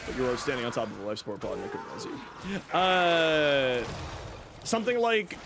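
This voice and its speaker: A man's voice: on the high side, very animated, normal speed. Young guy streamer rambling to chat mid-game, bouncy voice, noisy game sound behind. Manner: chatty, answers chat while playing. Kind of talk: casual gaming livestream chat. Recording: game audio and background noise.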